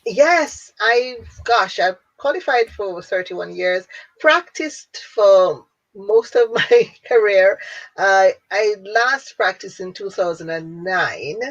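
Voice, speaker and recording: A Jamaican woman in her fifties tells her career story as an interview guest, animated and laughing often. Her voice sits at a middling pitch. The sound is dull and lo-fi, like a remote call. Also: slow. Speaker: guest, speaker and businesswoman. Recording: dull lo-fi audio.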